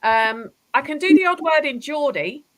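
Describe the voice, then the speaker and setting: A woman's voice: high voice, normal speed, low-quality recording. A woman from southern England, a historian guest, chatting enthusiastically on a talk show. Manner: enthusiastic, animated storytelling. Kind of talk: casual interview chat.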